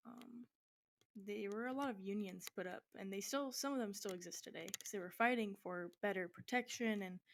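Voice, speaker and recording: A woman's voice: mid-range voice, creaky, slight background noise. A young woman giving a school history presentation, talking casually with many fillers and restarts. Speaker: student presenter. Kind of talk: informal class presentation.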